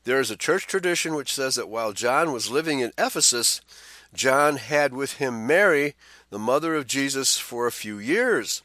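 A man's voice: medium pitch, expressive, normal speed, pushed and bright, no echo. A man co-hosting a Bible study talk, reading a historical text aloud and adding his own remarks, with frequent "uh" fillers. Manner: reads passages with side remarks and frequent "uh" fillers. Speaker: co-host of a Bible study show.

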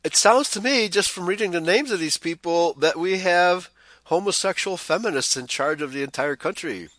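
A man's voice: high voice, expressive, normal speed, fairly bright tone, no echo. Sarcastic man reading news with asides. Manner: sarcastic, scornful asides with chuckles; stammers and repeats words.

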